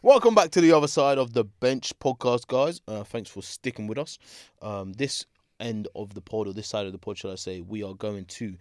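A man's voice: on the low side, normal speed. A young man hosting a podcast, laid-back and laughing often, full of slang. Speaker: podcast host. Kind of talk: casual chat.

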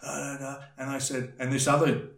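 A man telling a rambling, animated story in casual chat, swearing freely. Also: mid-range voice, moderate pace, creaky, echoey room. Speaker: podcast guest telling a story.

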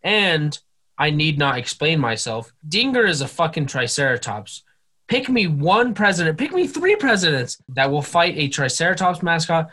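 A man's voice: a little high, sing-song, moderate pace, sharp tone. A young man co-hosting a casual podcast, joking and swearing freely as he leads the chat. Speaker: podcast co-host.

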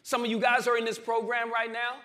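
A man's voice: very high-pitched, monotone, fairly quick, pushed and bright. A man preaching his testimony in church, with emphatic repeats and call-and-response swells toward the congregation. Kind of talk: testimony sermon.

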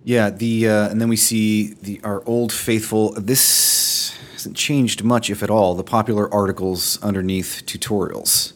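Male co-host, lowish voice, easygoing. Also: fairly even intonation, measured pace, few pauses. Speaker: podcast co-host. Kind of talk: casual chat.

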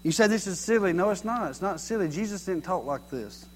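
A middle-aged man preaches with a high, lively voice. He talks in a folksy, animated way and pokes fun at common sayings. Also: a little fast, slight background noise. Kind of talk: sermon.

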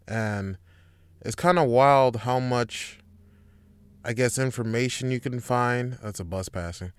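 A young man hosting a solo podcast, ranting in a casual, profane, animated way. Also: medium pitch, clean tone, no room sound, studio quality. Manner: frequent fillers and restarts. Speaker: podcast host. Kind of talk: casual chat.

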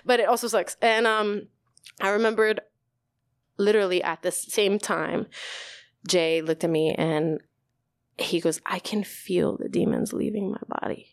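A woman's voice: medium pitch, fairly even intonation, a little slow, creaky, pauses often. A woman in her thirties telling her story as an interview guest, casual and candid, full of "like" and swearing freely. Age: 30s.

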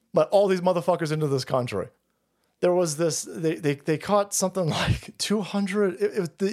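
A man with a high, swooping voice rants on a live stream. He is crude and angry and throws in sneering mockery, and his pitch leaps up and down all the time. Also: a little mellow. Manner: profane, angry, mocking; mimics opponents in sneering voices. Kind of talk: ranting political commentary.

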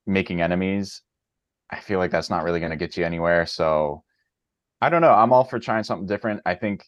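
A man with a very deep voice co-hosting a casual podcast. He talks hesitantly, full of fillers. His voice sounds dry and a bit dull. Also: no room sound. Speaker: podcast co-host.

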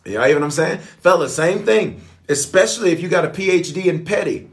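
A man preaching as a pastor, in a lively call-and-response sermon style. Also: high-pitched, brisk. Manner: call-and-response, animated, playful.

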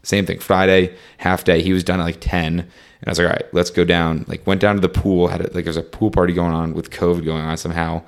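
This young man's voice is very low and deep, with little pitch movement, as he wanders through a road-trip story in casual conversation. Fillers like "like" and "um" come up constantly, and he slips into quick reenactments of the dialogue while keeping things loose and chatty.

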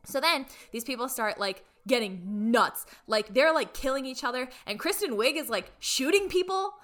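A woman's voice: sits high, lively intonation, normal speed, a bit bright. A woman in casual chat retelling a story, full of "like" fillers and playfully irreverent asides.

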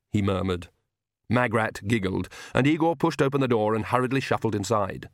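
A man's voice: on the low side, moderate pace, no room sound. Dry-voiced male audiobook narrator. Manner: dry storytelling, voices characters. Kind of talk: comic fantasy audiobook reading.

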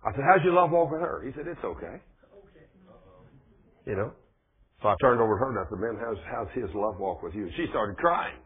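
A man preaching a sermon in a folksy, conversational way, husky, pushing hard on key points. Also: medium pitch, expressive, brisk, pauses often. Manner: folksy, conversational preaching with plain speech and rising emphasis. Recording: phone-like, thin lo-fi recording.

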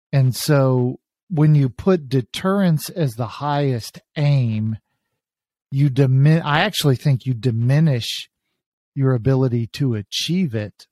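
A man hosting a podcast interview, laying out his argument in a measured way. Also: mid-range voice, darkish tone, no echo. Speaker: podcast host. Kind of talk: interview conversation.

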